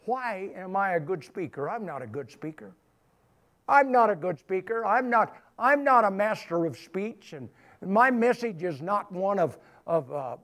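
Man preacher, high pitch, emphatic sermon delivery with repeated phrases. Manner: emphatic, repetitive preaching with rising bursts. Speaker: pastor. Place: church sanctuary.

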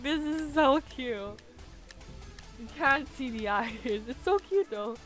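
High-voiced woman streamer, chatty. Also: slow pace, fairly bright tone, soft background music. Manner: chatty, self-mocking, bursts into laughs and squeals. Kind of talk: casual game-stream commentary.

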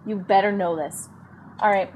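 A woman's voice: medium pitch, steady tone, moderate pace, over a noisy crowd. A young woman vlogging a celebrity guessing game, giggly and blurting out clues with lots of fillers. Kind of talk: casual chat. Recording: noisy background.

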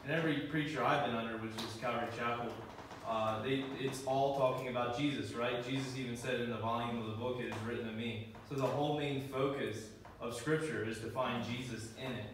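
A male student speaks up in class, pausing and restarting as he works through his thought. His mid-pitched voice sounds distant and echoey, with noise in the background. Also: fairly even intonation. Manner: hesitant, restarts while working out a point. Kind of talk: question from the class. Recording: echoey classroom from far off, noisy.

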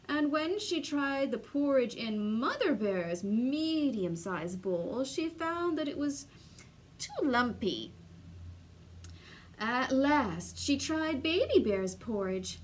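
A woman reading a children's story aloud in a slow, sing-song, expressive way, doing the voices. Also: on the high side, slight background noise. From Canada.

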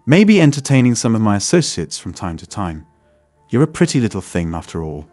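A man's voice: lowish voice, very animated, a little fast, darkish tone, dry recording, soft background music. A man voicing a smug, menacing male loan shark who speaks in a mocking, threatening way.

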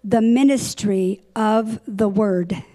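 Slow-speaking woman teaching scripture. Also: medium pitch, dark tone. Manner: deliberate, explains and corrects herself as she reads. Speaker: bible teacher. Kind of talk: church bible study teaching.

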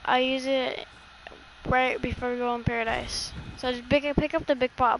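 Young woman, high voice, excitable, swearing and laughing, casual gaming chat, faint background noise. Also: moderate pace, poor audio. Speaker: gamer playing with a friend.

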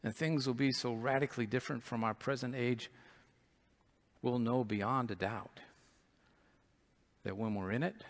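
A man's voice: medium pitch, steady tone, moderate pace, long pauses. A man pastor giving a sermon in church, earnest and storytelling.

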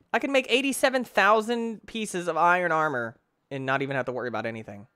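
A young man giving excitable let's play commentary, talking to himself, exclaiming and using mild cursing substitutes. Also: sits high, fast, clear, resonant tone, dry recording, clean studio sound. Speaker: gaming YouTuber.

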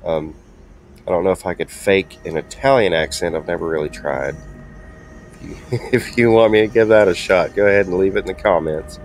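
A man's voice: deep voice, fairly quick, a little hiss or hum. A man giving rambling, laid-back commentary while playing a driving game. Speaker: game streamer. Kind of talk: casual gameplay commentary.

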